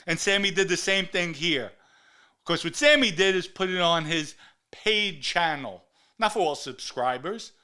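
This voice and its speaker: A man's voice: fairly high pitch, expressive, unhurried, sharp tone, clean tone. A middle-aged man, delivering a heated, ranting monologue and hammering his insults with repetition. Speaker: podcast host. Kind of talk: angry monologue to camera.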